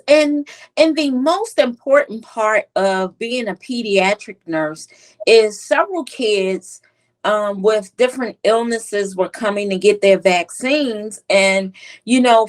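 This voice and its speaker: Speaking slowly at a medium pitch on a rough recording, this woman has a US East Coast accent. She's a pediatric nurse and author telling stories as an interview guest, animated throughout and acting out how children sound.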